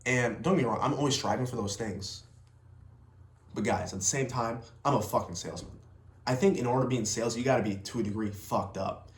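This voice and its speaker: A young man talks straight to camera in a blunt, unscripted rant, swearing freely and leaning hard on his words. His voice sits at an ordinary middle pitch. The sound bounces around an echoey room. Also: a little fast. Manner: blunt, heavy swearing, emphatic. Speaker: vlogger, salesman.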